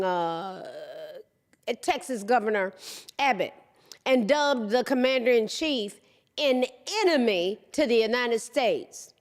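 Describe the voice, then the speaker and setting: A middle-aged woman hosting a podcast, delivering an emphatic opinion monologue that repeats its points and keeps addressing the listeners as "guys". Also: high-pitched. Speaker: podcast host.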